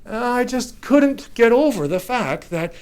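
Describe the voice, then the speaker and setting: A man telling a personal childhood story in an animated, self-mocking way, often laughing as he talks. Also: extremely high pitch, measured pace, clean tone.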